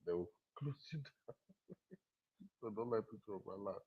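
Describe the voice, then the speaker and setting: A male caller on a live stream, speaking in halting, repetitive phrases over a call line. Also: fairly low pitch, animated, husky, narrow, tinny audio.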